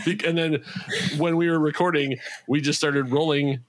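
A man's voice: a little high, fairly even intonation, normal speed. Rambling, thoughtful man in casual chat. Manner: thoughtful, rambling, trails off and restarts. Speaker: writer and creator of the audio drama.

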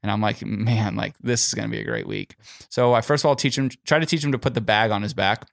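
A man's voice: fairly low pitch, quick pace, creaky. Rambling young man telling a story. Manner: rambling, heavy use of "like" and "you know". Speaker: podcast guest, professional golfer. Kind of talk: casual storytelling.

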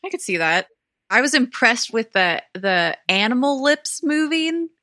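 A woman speaking slowly in a bright, sharp voice, trading frank remarks and easy laughs about a film. The sound is dry and close. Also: on the high side, lively intonation, no echo. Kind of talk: casual film discussion.

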